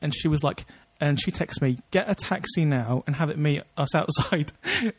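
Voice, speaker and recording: A man's voice: fairly high pitch, animated, moderate pace, slight background noise. A young man co-hosting a podcast, chatting casually and telling rambling anecdotes with frequent laughs. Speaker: podcast co-host. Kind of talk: casual chat, storytelling.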